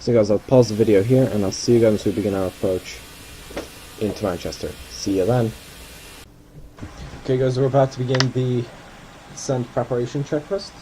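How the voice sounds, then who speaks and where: Man from Ireland, casual game host, dark mellow voice, faint hum in the background. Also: on the low side, brisk, pauses often. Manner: rambling, self-deprecating, thinking aloud. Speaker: gaming video host. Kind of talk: casual gameplay commentary.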